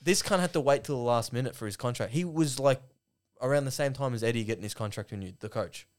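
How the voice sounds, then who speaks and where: An Australian man in casual sports chat, sweary and animated, often mimicking people. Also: mid-range voice, fast talker.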